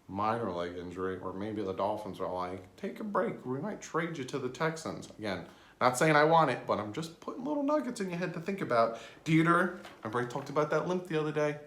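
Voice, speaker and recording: A man giving casual fan commentary on his sports vlog, full of joking, sarcastic asides and sudden jumps in pitch. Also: fairly bright tone. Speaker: sports vlogger. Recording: roomy echo.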